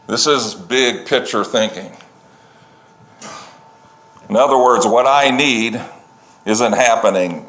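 A man's voice: medium pitch, slow pace, pauses often, fairly bright tone, slight background noise. A man preaching a sermon, reading scripture at length and breaking off into conversational asides. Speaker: pastor.

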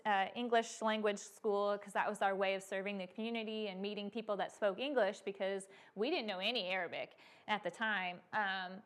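A young woman from the United States shares faith testimony as a missionary speaker. Her voice sits a little high, and she tells her stories in an animated way, filling pauses with "um" and "you know.". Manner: animated storytelling with frequent fillers. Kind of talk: testimony to a church audience.

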